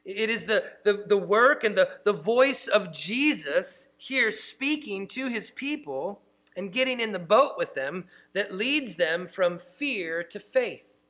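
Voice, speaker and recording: A man preaching as a pastor and church planter, moving between emphatic stresses and quiet, low asides. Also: animated, slow pace. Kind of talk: sermon.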